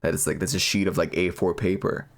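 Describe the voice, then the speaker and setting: A man's voice: low-pitched, fairly even intonation, fairly quick. A man streaming, chatting casually and profanely, rambling and laughing at himself.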